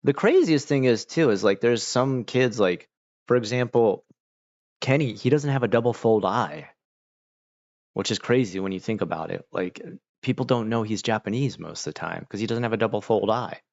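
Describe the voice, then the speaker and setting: A man's voice: fairly low pitch, expressive, moderate pace, gravelly, a little mellow, dull audio. Rambling Australian man on a stream. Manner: rambling storytelling full of "like" and restarts. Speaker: livestreamer. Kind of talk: casual chat.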